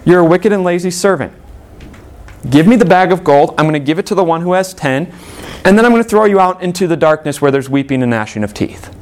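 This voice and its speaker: A man's voice: on the high side, animated, fast talker, a little mellow, lightly acted. A man voicing a stern master who scolds his wicked, lazy servant. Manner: scolding, repeats accusations.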